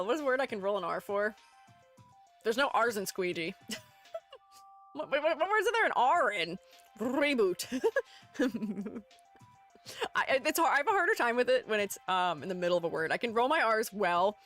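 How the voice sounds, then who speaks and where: Bubbly streamer lady rambling and giggling, bouncy pitch, faint music behind. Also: a bit bright. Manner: rambling, giggly, self-deprecating. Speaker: streamer and art critic. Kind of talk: casual live-stream chat.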